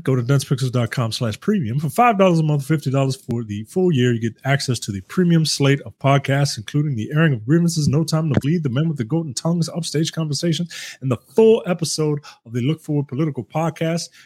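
A man's voice: medium pitch, husky, no echo, studio quality. A man co-hosting a podcast, reading the ad segment in a loose, rambling, jokey way with lots of fillers. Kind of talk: casual podcast chat.

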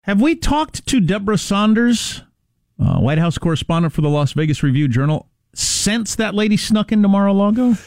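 Wry talk radio host with a lively voice. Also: male voice, sits high, moderate pace, vocal fry, no room sound, faint music behind. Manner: dry, wry, conversational.

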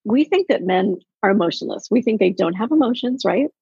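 A woman coaching in casual podcast chat, telling animated stories and acting out quotes. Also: medium pitch, fairly quick, creaky, breathy edge, no room sound. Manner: animated storyteller, acts out quotes. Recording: dull, dry lo-fi sound.

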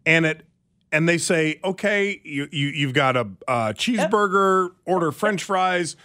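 Man with a high-ish voice, wry radio host. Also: a little slow. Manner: wry, deadpan jokes. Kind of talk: casual talk radio chat. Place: radio studio.

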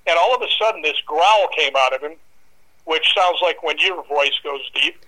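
Here a man whose voice sits on the high side recounts a dramatic experience of his own while being interviewed, at a normal speed on a low-quality recording. As the guest storyteller, he stays lively, putting on voices and growling like a dog.

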